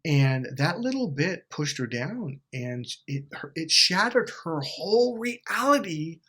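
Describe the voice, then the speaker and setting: A middle-aged man hosting a self-help video, telling a blunt, swear-heavy story in an animated monologue. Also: a little high, slow, slightly rough.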